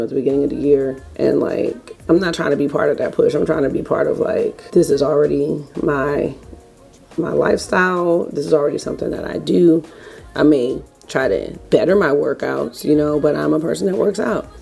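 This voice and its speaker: A woman's voice: low-pitched, gravelly, mellow. A woman in her thirties talking casually and rambling to viewers while doing her makeup at home. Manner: rambling, chatty, talks straight to viewers. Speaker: beauty vlogger. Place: home, getting ready in the morning.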